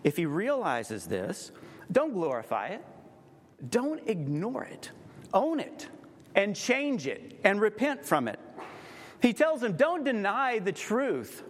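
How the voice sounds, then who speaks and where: A man's voice: sits high, wildly swooping pitch, slow. A man preaching a sermon in a conversational way, acting out quoted voices as he explains scripture. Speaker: pastor. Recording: long hall reverb.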